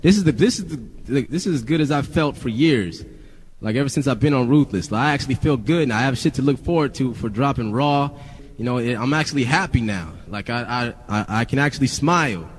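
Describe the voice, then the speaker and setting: A man's voice: mid-range voice, expressive, a little fast. A male rapper telling a story in a casual, rambling, profane way, full of "you know". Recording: long reverb.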